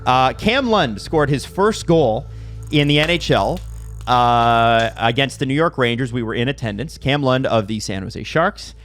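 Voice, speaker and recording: A man co-hosting a podcast in casual chat, animated as he runs the segments. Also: mid-range voice, a little slow, faint music behind. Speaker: podcast co-host.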